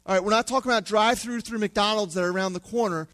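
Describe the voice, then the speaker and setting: Man voicing fretful male disciples, raised pitch, wry pleading tone, casual modern talk, dry close sound. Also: fairly even intonation, very fast, a bit bright, no room sound. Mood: exasperated. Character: exasperated practical male disciples.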